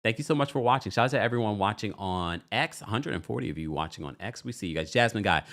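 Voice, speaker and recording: A chatty man with a fairly low voice hosts a casual live stream. His pitch swings widely and animatedly as he talks and reads out viewer comments. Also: expressive, fast, a bit bright. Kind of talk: casual live recap chat.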